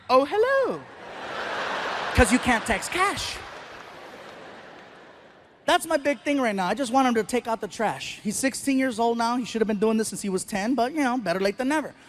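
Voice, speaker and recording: High-voiced middle-aged man, animated stand-up storyteller. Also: noisy background. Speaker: stand-up comedian. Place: live stage.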